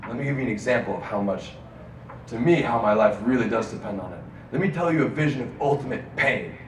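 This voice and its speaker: A man giving an inspirational speech to a live audience in a student lounge, rousing the crowd into call-and-response chants and swinging between loud and hushed delivery. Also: medium pitch, expressive, fast talker. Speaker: motivational speaker. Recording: roomy, distant mic, audience and room noise.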